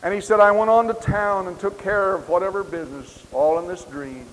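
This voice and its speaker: Impassioned high-voiced preacher in a reverberant hall. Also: male voice, normal speed, few pauses. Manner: impassioned storytelling, rising to loud exclamations. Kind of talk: camp meeting sermon. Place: large camp meeting hall. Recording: long hall reverb with faint hiss.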